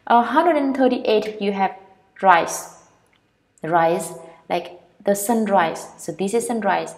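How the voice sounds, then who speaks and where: A woman with a Vietnamese accent, a native Vietnamese speaker, teaching an English pronunciation lesson and repeating each word with drawn-out vowels. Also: mid-range voice, lively intonation.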